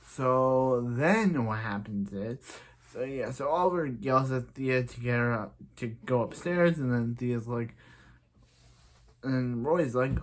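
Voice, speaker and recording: A man's voice: medium pitch, takes it slowly. Rambling man recapping a TV episode. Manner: rambling, many restarts and "yeah, so" fillers. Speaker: TV episode reviewer.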